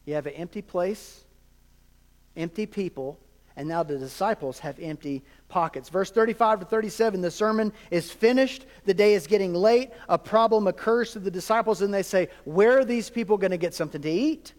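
A man's voice: high voice, moderate pace. A man preaching a sermon as a pastor, conversational with jokes and asides to the congregation. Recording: long hall reverb.

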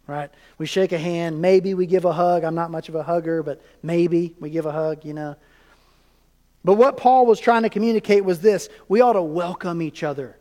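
Man, pastor, high-pitched voice, lively conversational sermon, long church-hall reverb. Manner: animated, conversational preaching with quick asides.

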